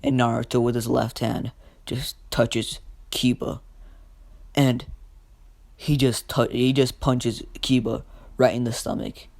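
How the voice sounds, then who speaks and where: A man's voice: medium pitch, level tone, slow pace, vocal fry, pauses often, darkish tone. A man co-narrating a fan what-if story in a casual, rambling way, stringing events together with "he's like" quotes.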